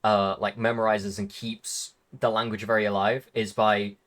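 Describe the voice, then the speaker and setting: A man's voice: on the low side, little pitch movement, normal speed, fairly bright tone. A young man hosting a stream interview, joking, profane and rambling in casual chat. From Britain. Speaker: stream host.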